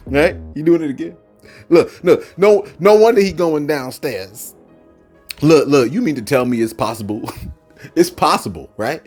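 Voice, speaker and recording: A man's voice: fairly high pitch, normal speed, husky, soft background music. A man hosting a celebrity news channel, joking in casual commentary with lots of fillers. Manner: animated, joking, many fillers and repeated "man" and "look".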